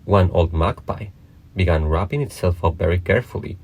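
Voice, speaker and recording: A man reads a storybook aloud in a measured, even way. His voice sits very low and carries a husky, slightly rough edge. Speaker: narrator.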